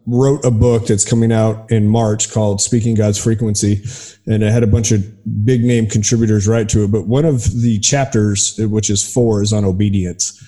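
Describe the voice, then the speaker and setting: Mellow, low-voiced male podcast host. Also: steady tone, normal speed. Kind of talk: casual faith conversation.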